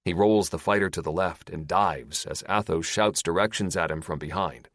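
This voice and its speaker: A man's voice: sits low, moderate pace, a bit bright, no room sound, studio quality. A man narrating an action-heavy audiobook in a dramatic, scripted style.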